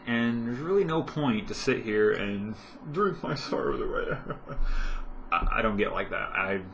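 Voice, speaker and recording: A man's voice: lowish voice, expressive, measured pace, creaky, fairly bright tone, slight background noise. A young man vlogging at home in casual chat, rambling with lots of fillers and self-corrections.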